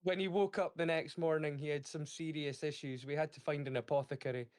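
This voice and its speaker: A man's voice: fairly high pitch, fairly even intonation, brisk, darkish tone, no echo. A man playing in a tabletop role-playing game, telling tall tales in character. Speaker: player. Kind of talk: casual in-character banter.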